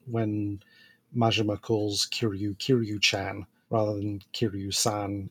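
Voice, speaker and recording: A man with a slightly husky voice co-hosts a podcast in relaxed, chatty talk. He laughs often and trails off into fillers as he goes. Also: fairly low pitch. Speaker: podcast co-host. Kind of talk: casual podcast chat.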